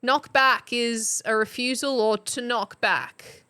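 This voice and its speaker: A woman's voice: fairly high pitch, steady tone, takes it slowly, bright, forceful tone, smooth. An Australian woman chatting casually on a live stream, quizzing her chat like a teacher. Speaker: substitute streamer.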